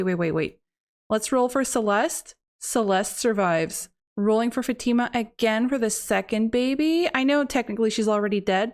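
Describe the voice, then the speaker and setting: A woman giving casual game commentary, reacting aloud with lots of exclamations as events unfold. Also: a little high.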